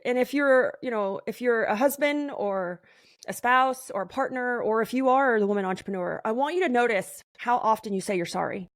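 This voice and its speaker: A woman hosting a conversational podcast interview, talking in an animated, emphatic way. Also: fairly high pitch, a little fast, no room sound, studio quality.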